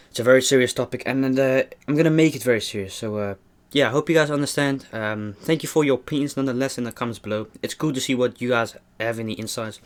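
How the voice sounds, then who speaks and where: Rambling young man vlogging a meal. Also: mid-range voice. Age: young adult. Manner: rambling, earnest, keeps saying "man". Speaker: mukbang vlogger. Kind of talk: casual talk to camera while eating.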